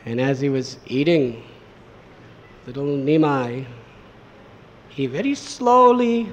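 A man telling a devotional story as a sermon, in an animated manner with many repetitions. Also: medium pitch, slow pace, long pauses, a little hiss or hum. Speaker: storyteller, preacher.

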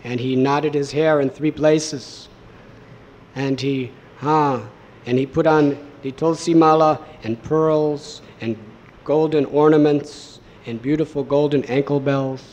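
A man's voice: fairly high pitch, takes it slowly, lo-fi sound. Man telling a devotional story. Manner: animated, repetitive storytelling. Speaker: storyteller, preacher.

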